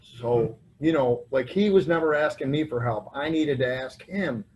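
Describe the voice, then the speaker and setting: A man's voice: mid-range voice, moderate pace, a little mellow, highs cut off, a little hiss or hum. A man speaking at a recovery convention, sharing his personal story in a loose, self-mocking way. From United States. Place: convention hall.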